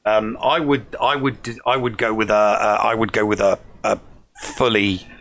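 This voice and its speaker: A man's voice: lowish voice, level tone, moderate pace, a bit bright. A man co-hosting a podcast in casual chat, hesitant and full of fillers but jokey. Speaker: podcast co-host.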